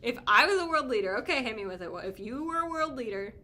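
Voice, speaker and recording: High, lively, giggly woman streamer. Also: fast talker. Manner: playful, giggly, teasing reactions. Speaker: livestreamer. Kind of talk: casual livestream chat. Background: faint game music.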